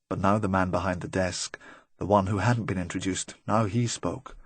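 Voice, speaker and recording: Low-voiced man narrating an audiobook. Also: dry recording. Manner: measured, even storytelling.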